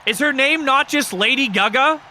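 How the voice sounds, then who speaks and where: A man hosting a livestream, chatting casually with viewers. He jokes, swears often and breaks into sudden shouts. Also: extremely high pitch, normal speed, a little hiss or hum. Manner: excitable, joking, swears a lot, bursts into shouts. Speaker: streamer host of a wrestling show.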